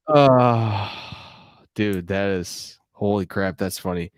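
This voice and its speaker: A man's voice: fairly low pitch, takes it slowly, clear, resonant tone, no room sound. A young man hosting a casual podcast, rambling and laughing a lot as he talks. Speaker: podcast host. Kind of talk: casual chat.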